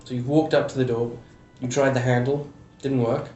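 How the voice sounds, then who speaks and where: A man's voice: medium pitch, little pitch movement, normal speed, warm tone, recorded from a distance, highs cut off. A man game master rambles through a scene with loose, joking asides. He sits back from the mic in an echoey room with a faint hum underneath. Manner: rambling, loose, with fillers and jokes. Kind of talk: casual tabletop game narration.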